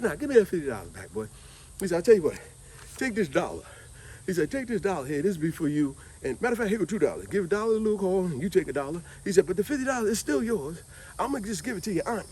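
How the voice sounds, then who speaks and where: A man telling a childhood story in a casual, animated way, acting out the people he quotes and often saying "man". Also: sits high, slight background noise. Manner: animated, acts out quoted voices, repeats "man".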